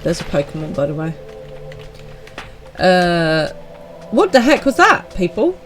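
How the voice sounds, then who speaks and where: A woman's voice: lowish voice, very animated, unhurried, long pauses, faint music behind. A woman, chatting upbeat with viewers while streaming a game live.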